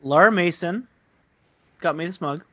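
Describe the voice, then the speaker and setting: Man, podcast co-host, casual chat, dry, halting interjections. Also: on the high side, a bit bright.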